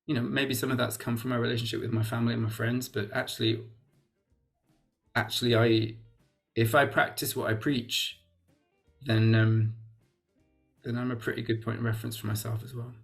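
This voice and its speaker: A Welsh man talks through his thoughts as an interview guest, pausing and circling back with plenty of "you know"s. His pitch sits in a middling range for a man, and soft music plays faintly behind him. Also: little pitch movement, gravelly. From Wales. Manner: reflective, full of "you know" and restarts. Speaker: guest, actor. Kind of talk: casual interview chat.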